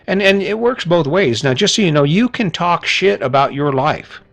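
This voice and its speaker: A man's voice: a little high, animated, moderate pace, creaky, a bit bright. A middle-aged man hosting a podcast, delivering a blunt motivational monologue full of rhetorical questions and casual swearing. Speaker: podcast host.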